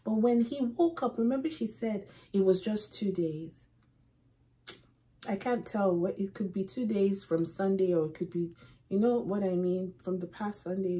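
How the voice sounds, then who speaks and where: A woman hosting a movie reaction, thinking aloud slowly and repeating herself with rhetorical questions. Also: medium pitch, mellow. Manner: slow, musing and repetitive, with rhetorical questions.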